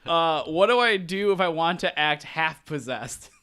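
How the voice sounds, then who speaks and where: A young male podcast host with a bright, slightly high voice. He reads out questions in a jokey way and laughs easily. It is a casual chat among friends. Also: expressive, unhurried, smooth.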